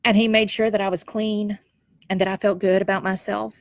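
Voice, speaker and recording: A nurse tells a personal story in her mid-range voice, emotional, heartfelt and reflective, sometimes tearful. She keeps a level tone and talks a little fast. The recording is studio quality with no echo.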